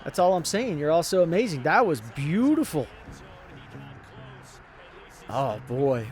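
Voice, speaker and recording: A young man commentating a football video game in a hyped, rambling way, yelling at big plays. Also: fairly high pitch, big pitch swings, unhurried. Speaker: gaming channel host.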